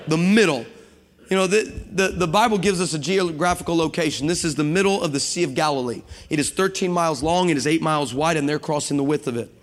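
A man preaches with animated energy and calls out to the congregation as a guest pastor. His voice sits high for a man and rings through a big church hall with long reverb. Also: quick pace, few pauses. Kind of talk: energetic sermon.

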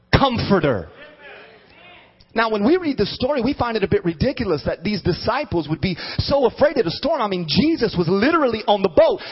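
A man in his thirties preaches a sermon, his high voice husky and edged with breath. He swings from playful asides to shouted, drawn-out emphasis. The recording sounds dull and lo-fi. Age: 30s. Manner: animated, rising to shouted emphasis.

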